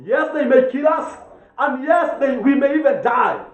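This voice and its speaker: Kenyan pastor preaching in a high voice. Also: male voice, unhurried. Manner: preaching with fervent calls and chuckles, mixing languages. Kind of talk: sermon. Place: church. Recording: echoey church with tinny phone-like sound.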